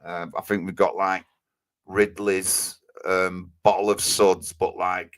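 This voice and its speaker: A man with a low voice, talking casually and a bit rambling on a live stream as co-host. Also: flat delivery, takes it slowly, fairly bright tone. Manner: rambling, earnest, with many fillers. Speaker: co-host and media spokesman.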